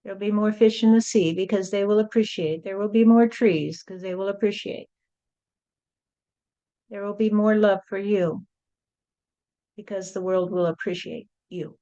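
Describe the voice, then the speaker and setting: A woman channeling a spiritual teaching, gentle and repetitive, often adding "you see", on a dull lo-fi recording. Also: mid-range voice, steady tone, normal speed, long pauses.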